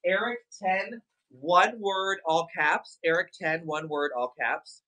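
Bright, excitable livestream shopping host man. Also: high-pitched, slow pace, low-quality recording. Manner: excitable, hyping products to viewers. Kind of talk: live sales stream chat.

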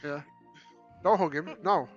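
A man streaming a virtual reality game, bantering loudly and swearing as he teases the people he meets. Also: fairly high pitch, a little slow, lo-fi sound, over music. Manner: loud joking, swearing, teasing. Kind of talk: casual gaming banter.

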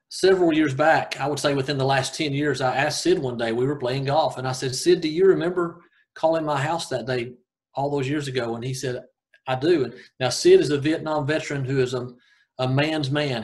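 Southern man, 50s, veteran coach as interview guest; earnest, halting delivery, average pitch. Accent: Southern American. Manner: earnest, halting with frequent restarts. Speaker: high school golf coach, guest. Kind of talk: casual interview storytelling.

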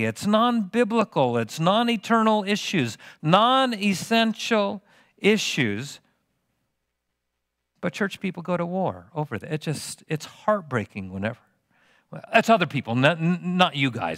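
A middle-aged pastor delivers a sermon with a lively, swooping voice that sits a little high for a man. He keeps teasing his listeners with questions. The sound is close and dry. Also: normal speed, dry recording. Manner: animated, teasing questions to the congregation.

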